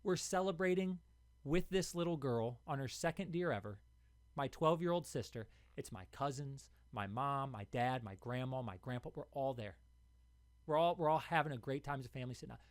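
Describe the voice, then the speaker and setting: A young man hosts his own podcast and tells the story in a loose, unscripted monologue. He gets heated and circles back, repeating words as he pushes his point. His voice sits at a middling pitch, and the recording is dry and close. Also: brisk, no room sound. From Ohio. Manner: heated, repetitive, restarts words when worked up. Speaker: podcast host.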